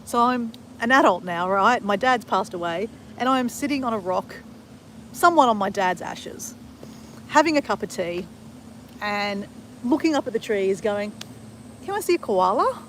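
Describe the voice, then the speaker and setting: A woman's voice: medium pitch, a little hiss or hum, poor audio. A middle-aged woman talking casually to a live stream on her phone outdoors, rambling and adding "right?" often. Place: outdoors at a bushland cemetery.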